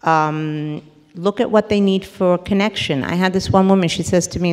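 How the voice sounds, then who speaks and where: A woman's voice: on the low side, fairly even intonation, moderate pace, long reverb tail. A woman therapist giving a parenting workshop lecture, earnest and emphatic, often breaking off and restarting mid-word.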